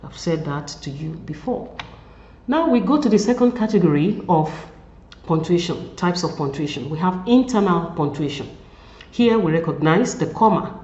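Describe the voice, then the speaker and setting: Low-voiced woman lecturing, echoey. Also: a little mellow. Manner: deliberate, explains with spoken examples and numbered points. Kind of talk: recorded study-session lecture. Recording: echoey, dull lo-fi room recording.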